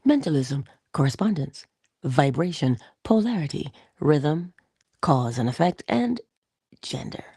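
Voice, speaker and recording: A woman's voice: sits low, big pitch swings, measured pace, mellow, breathy edge, no room sound, clean studio sound. A middle-aged woman hosting a casual inspirational morning talk, dropping into whispers for emphasis and laughing often as she tells a story. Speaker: host of a morning inspiration show.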